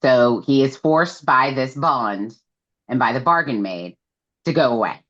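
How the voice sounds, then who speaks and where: A woman's voice: a bass voice, a little slow, fairly bright tone, muffled recording. A woman co-hosting a casual book podcast, retelling scenes and quoting the characters with lots of fillers. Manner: retells scenes with quoted lines, many fillers. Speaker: podcast co-host. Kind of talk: casual book recap chat.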